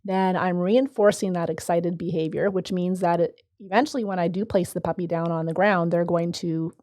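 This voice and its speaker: A woman co-hosting a podcast, calmly talking through dog-training steps in a practical way. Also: on the low side, normal speed, dry recording, clean studio sound. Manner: practical, step-by-step, with fillers. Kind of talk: casual conversational podcast.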